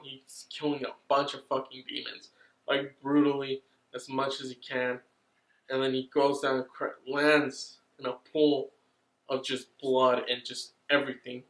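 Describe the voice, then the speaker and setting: A man's voice: medium pitch, reverberant, poor audio. A man casually recapping an anime plot, swearing often and getting worked up. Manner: excited, swears a lot, drawn-out pauses. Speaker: anime reviewer.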